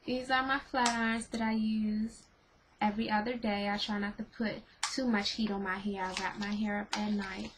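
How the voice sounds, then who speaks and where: A woman's voice: medium pitch, level tone, moderate pace, background noise. A woman casually reviewing her favorite beauty and snack products for her vlog, gushing and repeating her praise. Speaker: beauty vlogger.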